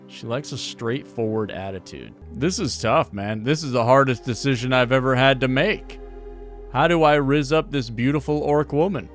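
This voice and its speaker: A man's voice: medium pitch, normal speed, faint music behind. A man streaming a game, reading its text aloud with playful, jokey asides.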